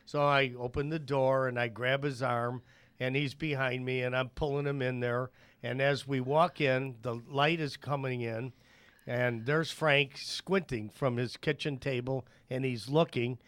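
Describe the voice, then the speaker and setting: A man guest on a talk show tells animated anecdotes and slips into other people's voices. His pitch sits mid-range. The sound is close and dry. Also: unhurried, dry recording. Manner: animated storyteller, acts out voices.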